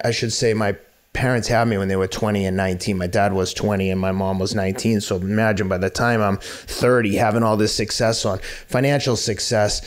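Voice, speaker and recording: A man in his fifties, a podcast guest, talking candidly and bluntly and swearing freely. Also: lowish voice. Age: 50s. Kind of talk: casual interview talk.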